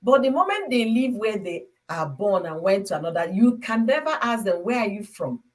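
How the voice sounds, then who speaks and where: A Nigerian woman hosting a casual chat, talking in an animated, emphatic way. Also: mid-range voice, moderate pace. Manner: animated, emphatic, slips into acted quotes. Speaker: host.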